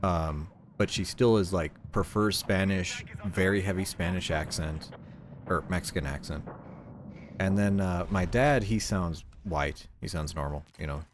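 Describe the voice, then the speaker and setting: A man's voice: deep voice, measured pace, a little hiss or hum. A man streaming a shooter game, rambling in casual chat, swearing freely, with a neutral accent. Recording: loud gunfire from the game behind voice.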